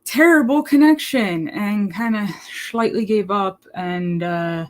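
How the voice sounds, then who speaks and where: A woman chatting loosely on a live stream, blunt and quick to swear. She rambles to her viewers in a mid-pitched, everyday voice over a laptop mic. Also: poor audio. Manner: blunt and profane, talks to chat. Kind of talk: casual rambling stream chat.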